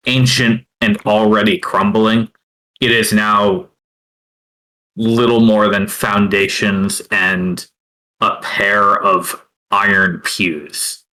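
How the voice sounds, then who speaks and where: A man narrating as game master of a tabletop game, hesitant and full of filler pauses. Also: lowish voice, pushed and bright, low-quality recording.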